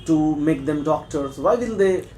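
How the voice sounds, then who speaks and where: A man's voice: a little high, expressive, unhurried, mellow, reverberant, faint music behind, poor audio. A man from Bihar with an Indian accent, conducting a mock job interview and pressing the candidate with challenging questions.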